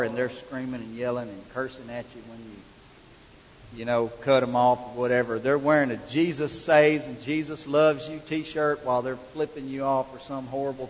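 A man's voice: mid-range voice, in a large hall, muffled recording. A middle-aged man preaching a sermon in a folksy, conversational storytelling manner. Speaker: pastor.

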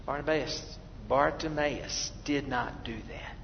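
A man preaching a sermon, swinging between loud exclamations and hushed, quiet lines. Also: mid-range voice, slow, creaky, slight background noise. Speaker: pastor. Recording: dull lo-fi recording in a reverberant hall.

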